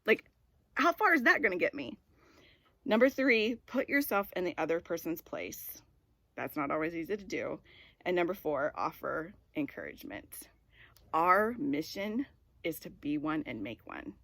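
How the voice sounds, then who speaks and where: A woman's voice: fairly low pitch, sing-song, normal speed, pushed and bright, no room sound. Rambling woman giving a devotional talk. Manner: rambling, storytelling with filler words. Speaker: devotional speaker.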